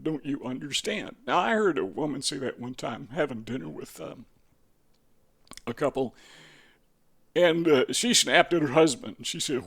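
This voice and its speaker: Musing man with a somewhat high voice. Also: expressive, normal speed, gravelly, pauses often, a bit bright, husky. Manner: musing, asks rhetorical questions, dry humor. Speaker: video host. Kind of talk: casual spoken monologue.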